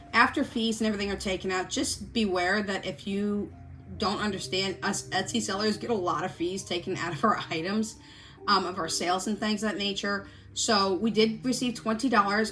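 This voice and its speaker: A woman's voice: medium pitch, sharp tone. A woman chatting casually to camera about her budget from her home desk, rambling and correcting herself as she goes. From Missouri. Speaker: budgeting vlogger.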